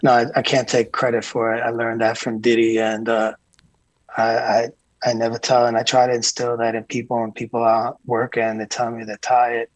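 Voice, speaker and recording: A man being interviewed as a guest, a tour manager telling calm, earnest stories with frequent restarts. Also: mid-range voice, normal speed, no room sound, rough recording. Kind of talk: casual interview chat.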